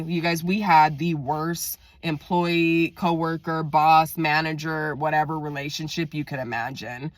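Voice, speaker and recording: A woman chats to her viewers in a casual storytime vlog, venting about a past job with lots of fillers. Her voice sits fairly low, and the recording is close and dry, with no room sound. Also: steady tone, unhurried, hardly any pauses, no echo. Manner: chatty, venting, acts out quotes in raised voice. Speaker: vlogger.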